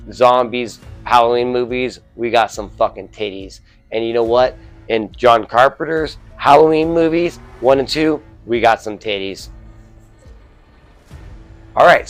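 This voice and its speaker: A man's voice: mid-range voice, clear, resonant tone. A man casually reviewing a horror film, rambling, swearing constantly, full of "you know" and "uh" fillers. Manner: rambling, heavily profane, filler-laden.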